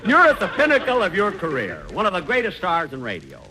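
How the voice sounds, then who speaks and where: A man's voice: sits high, wildly swooping pitch, a little fast, poor audio. A man hosting a 1940s radio comedy with a dry, self-important comic delivery. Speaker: comedy show host.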